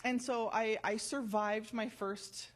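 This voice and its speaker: A woman in her forties giving a personal testimony at church, telling her story in a chatty, animated way. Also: a little high, takes it slowly.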